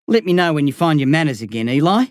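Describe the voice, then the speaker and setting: A man's voice: fairly high pitch, big pitch swings, fast talker, no room sound, clean studio sound. A man voicing a firm, weary working man who sounds stern but tender.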